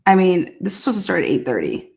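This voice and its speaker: A woman's voice: lowish voice, huge pitch swings, fast, vocal fry, darkish tone. A woman hosting a live stream, chatting casually with viewers in a sassy, blunt way and swearing now and then. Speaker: livestream host.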